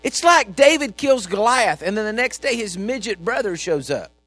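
A man preaching a sermon, animated and repetitive, swinging from shouts to quiet asides. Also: sits high, moderate pace, no room sound. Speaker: pastor.

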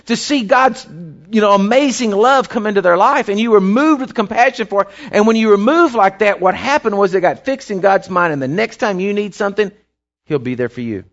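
A man's voice: sits high, expressive, brisk, fairly bright tone. Man, pastor, folksy rambling sermon, muffled lo-fi sound. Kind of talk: storytelling sermon. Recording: dull lo-fi recording.

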